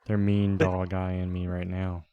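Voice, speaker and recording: A man chatting casually with a friend while they play an online game together, making dry, deadpan jokes. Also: deep voice, a little slow, smooth, dry recording, narrow, tinny audio. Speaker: gaming partner on stream. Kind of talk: casual chat while gaming.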